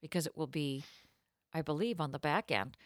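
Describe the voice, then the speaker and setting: A woman co-hosting a casual comedy podcast, talking in quick, jokey bursts that swing into loud excitement. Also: low voice, no room sound, clean studio sound. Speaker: podcast co-host.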